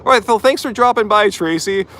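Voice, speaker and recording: A man's voice: high-pitched, fairly quick, sharp tone, slight background noise. Chatty man doing a live Q&A outdoors. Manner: talkative, pointed, rebutting commenters. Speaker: vegan channel host answering live chat questions. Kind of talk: live-stream Q&A.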